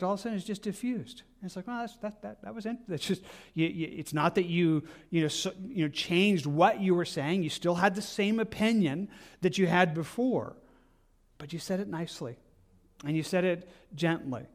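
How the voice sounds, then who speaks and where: A man preaching a sermon in a conversational way, with many asides and restarts. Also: high-pitched. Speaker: pastor.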